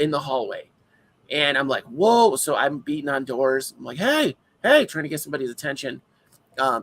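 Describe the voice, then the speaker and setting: A man co-hosting a casual podcast chat, an animated storyteller who acts out his own shouts. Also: mid-range voice, low-quality recording. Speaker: podcast co-host.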